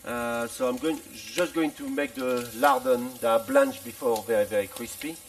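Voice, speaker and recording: A middle-aged chef from France explains his dish at a festival demo, his speech full of restarts and repeated words and broken up by dry little jokes. His voice is heavily gravelly, with a pitch that rises and falls a lot. He stands back from the mic, so he sounds somewhat distant. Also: huge pitch swings, moderate pace, slight background noise. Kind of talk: live cooking demonstration. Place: festival demonstration tent.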